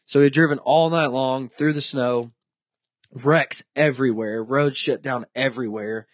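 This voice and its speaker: A man's voice: mid-range voice, normal speed, no echo, studio quality. A young man hosting a podcast, telling stories casually and acting out the people he quotes. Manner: animated storyteller, acts out quoted voices. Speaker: podcast host. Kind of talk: casual storytelling chat.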